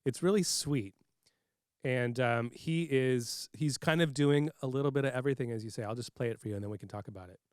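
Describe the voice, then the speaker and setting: A man's voice: medium pitch, brisk, no echo, studio quality. A man co-hosting a podcast, talking playfully about mixing and sound in a casual music chat. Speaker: podcast co-host, music producer.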